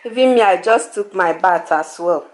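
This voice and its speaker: A woman's voice: lowish voice, moderate pace. A Nigerian woman vlogging casually at home as a mother, laughing often and cooing in baby talk. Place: family home indoors.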